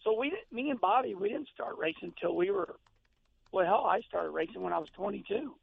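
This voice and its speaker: A middle-aged man calls in to a radio show as a guest and talks in a worked-up, folksy way, doubling back on his words. His voice sits high and has a gravelly fry to it. The sound comes over a tinny phone line. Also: expressive, brisk, a little hiss or hum. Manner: emphatic, repeats words and restarts, folksy. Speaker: guest, former race car driver. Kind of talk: casual radio chat.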